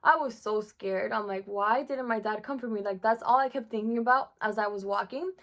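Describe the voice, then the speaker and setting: A woman's voice: fairly high pitch, fairly quick, fairly bright tone. A young woman vlogger telling a painful personal story from her school days, emotional, with many fillers.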